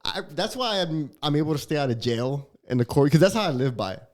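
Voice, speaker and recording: A man's voice: on the high side, sing-song, brisk, a little mellow. Laid-back man telling stories, profane. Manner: profane, laughing, slangy. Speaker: podcast guest, comedian. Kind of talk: casual storytelling chat.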